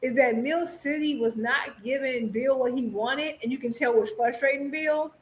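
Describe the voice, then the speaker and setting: Woman, high voice, casual boxing talk host, giggly, chatty. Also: moderate pace, background noise. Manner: laughs often, loose and chatty. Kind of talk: casual livestream chat.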